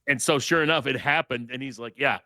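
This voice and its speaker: A man co-hosting a podcast, telling a story in a rambling, halting way with many fillers. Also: mid-range voice, bright, forceful tone, no echo, clean studio sound. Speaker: podcast co-host. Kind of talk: casual storytelling.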